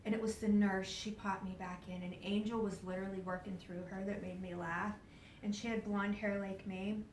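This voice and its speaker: A woman speaking to a live audience, telling a personal story with animated, acted-out quotes, laughs and sudden hushed whispers. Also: medium pitch, normal speed, a little hiss or hum. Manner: laughs often while talking. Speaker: speaker at a spiritual event. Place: event hall. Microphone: distant camera mic. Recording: roomy, distant live event recording.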